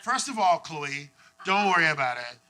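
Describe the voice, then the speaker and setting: A man's voice: on the high side, sing-song, normal speed, sharp tone. A man voicing a bossy know-it-all woman who leads her friends and talks in a dismissive, self-assured way.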